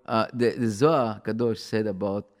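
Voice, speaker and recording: A man's voice: lowish voice, steady tone, normal speed, in a large hall. A man on a radio talk show, eagerly jumping in with explanations and stumbling over his phrasing, repeating words as he goes.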